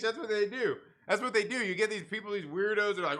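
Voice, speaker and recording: A man's voice: sits high, expressive, fast talker, fairly bright tone. A man hosting a casual livestream who reads out chat comments, laughs often and banters with viewers. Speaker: livestream host.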